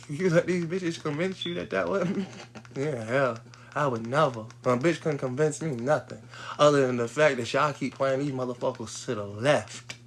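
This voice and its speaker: A man in a profane, rambling rant that he breaks up with frequent laughs. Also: medium pitch. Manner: profane, laughs often, heated.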